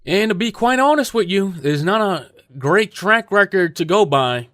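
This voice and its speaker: Man, sports talk host, animated, mocking, higher voice, dry close sound. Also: normal speed, no echo. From United States. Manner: animated, mocking, laughs often. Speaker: podcast host. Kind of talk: casual sports talk commentary.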